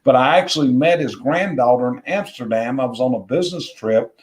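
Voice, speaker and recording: A man's voice: medium pitch, brisk. Blunt, emphatic Southern man. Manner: emphatic, blunt, repeats points for effect. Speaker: guest, business coach. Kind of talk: casual interview talk.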